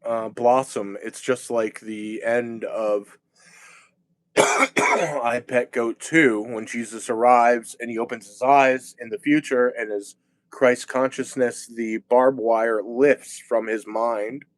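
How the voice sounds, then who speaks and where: A man talking in a rambling monologue, agitated and profane, halting and restarting his sentences. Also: mid-range voice, fairly even intonation, no echo. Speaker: vlogger.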